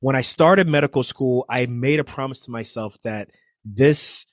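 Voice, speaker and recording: A man's voice: medium pitch, moderate pace, no room sound, studio quality. A man from New Jersey, a trauma surgeon, telling his story as a podcast guest and acting out what people said. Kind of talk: storytelling interview.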